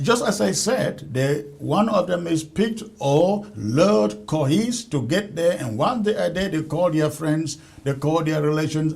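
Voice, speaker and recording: A man's voice: on the high side, vocal fry, darkish tone. A man hosting a TV news panel, speaking hesitantly with frequent uh fillers. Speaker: TV news host. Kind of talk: live TV panel discussion.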